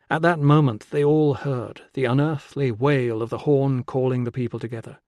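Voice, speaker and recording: A man narrating an audiobook in a measured, even storytelling manner. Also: medium pitch, no echo. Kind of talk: scripted narration. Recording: dry close studio sound.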